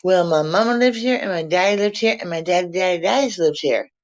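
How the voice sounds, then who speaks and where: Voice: mid-range voice, fairly quick, voice pushed up, natural voice. A vlogger in their sixties putting on a longtime local resident, proud of family roots, with a folksy drawl, on a dull lo-fi recording. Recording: dull lo-fi sound.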